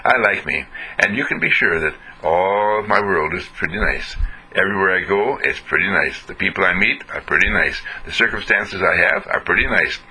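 A man's voice: deep voice, lively intonation, moderate pace, pushed and bright, slight background noise, low-quality recording. A man from a ministry giving a recorded inspirational message, full of exuberant, repetitive affirmations. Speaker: ministry speaker.

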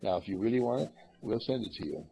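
A man with a mellow, gravelly voice gives an earnest spiritual talk to a group. He rambles and fills his pauses with uhs and ums. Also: low-quality recording. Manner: acts out callers in lively higher voices; rambling, earnest, with many fillers. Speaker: spiritual teacher.

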